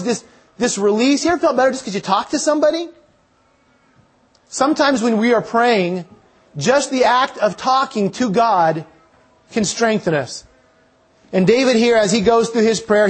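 Preacher, male, fairly high voice, earnest sermon delivery with many questions to the congregation. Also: husky. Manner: earnest, repeats rhetorical questions.

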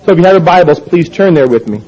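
High-voiced preacher giving a sermon. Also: male voice, expressive, mellow, breathy edge, highs cut off. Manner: measured, emphatic scripture reading.

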